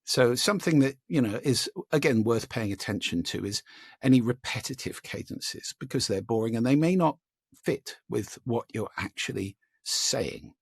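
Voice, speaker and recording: A man being interviewed about voice and listening, talking in an animated, demonstrative way and trying out vocal examples as he explains. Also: mid-range voice, normal speed, no room sound, studio quality. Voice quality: gravelly, husky. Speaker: guest, speaker on voice and listening.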